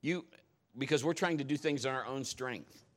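A man preaching a sermon, telling stories in a jokey, animated way. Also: mid-range voice, moderate pace.

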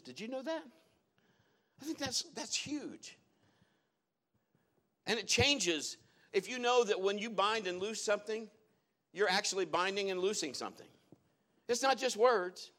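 Folksy male preacher, slightly high voice. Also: fairly bright tone. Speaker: pastor. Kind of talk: sermon. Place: church sanctuary with congregation.

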